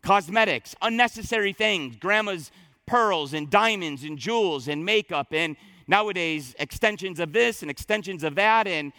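A male pastor delivers a sermon in a high, bright voice, talking casually and restarting phrases as he goes. The sound is dry and close, with little room around it. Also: expressive, moderate pace, dry recording. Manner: conversational preaching with frequent restarts and asides.

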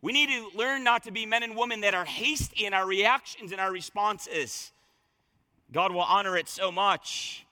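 A man's voice: sits high, normal speed, bright, forceful tone, long reverb tail. A man preaching a sermon as a pastor, fervent and colloquial, repeating lines for emphasis.

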